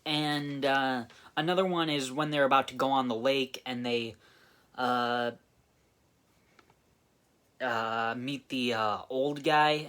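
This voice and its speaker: A man giving a casual spoken movie review, halting with fillers and restarts. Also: medium pitch, a bit bright. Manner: halting, many fillers and restarts, clears throat.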